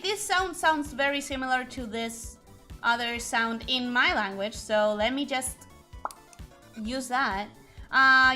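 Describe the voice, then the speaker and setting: A high-pitched woman, a native Spanish speaker, talks in Spanish-accented English on her livestream. She chats casually, reads the chat out loud, and rambles while thinking aloud.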